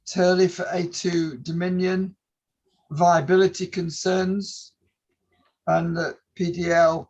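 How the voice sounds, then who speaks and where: Male hearing chair, gravelly and husky, summarises points politely on a call. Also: fairly high pitch. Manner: polite, measured, reads points aloud with hesitations. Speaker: planning inspector chairing a hearing. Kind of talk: formal hearing, summarising submissions.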